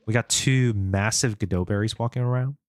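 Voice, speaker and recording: A man's voice: lowish voice, fairly quick, dry recording. A man streaming his indie game development, thinking aloud and chatting with viewers, often chuckling. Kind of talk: live-stream dev chat. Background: soft background music.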